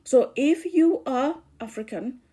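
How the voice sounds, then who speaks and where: A woman's voice: high voice, lively intonation, unhurried, warm tone, husky. A woman with a Kikuyu accent delivering earnest political commentary as a channel host. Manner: earnest, warning.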